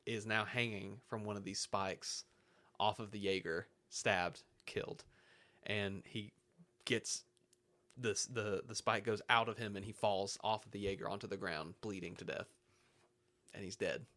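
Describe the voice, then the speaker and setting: A man co-hosting a casual podcast, recapping a comic book in an animated way and laughing often. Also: lowish voice, measured pace. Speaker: podcast co-host. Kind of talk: casual chat.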